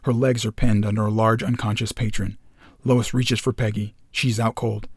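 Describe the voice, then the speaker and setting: Husky man reading a screenplay. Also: on the low side, steady tone, no echo, studio quality. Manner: reads scene directions in short, measured phrases. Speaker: script reader.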